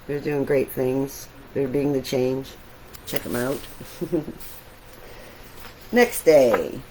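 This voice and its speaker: A middle-aged woman, an artist, talking casually and reflectively while showing her sketches, with soft laughs now and then. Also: very deep voice, steady tone, extremely slow, slight background noise, poor audio.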